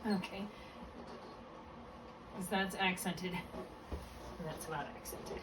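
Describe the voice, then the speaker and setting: A woman's voice: lowish voice, steady tone, takes it slowly. A woman tutoring a student one-on-one in phonics. She explains step by step and often stops to correct herself. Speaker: reading tutor. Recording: distant mic with faint room noise.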